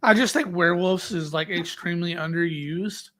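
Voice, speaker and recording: Relaxed podcast co-host chatting. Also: mid-range voice, normal speed. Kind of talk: casual movie chat.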